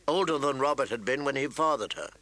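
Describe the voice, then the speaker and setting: A man reading fantasy narration as an audiobook narrator, with a steady, even storytelling delivery. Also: medium pitch, fast talker, no room sound.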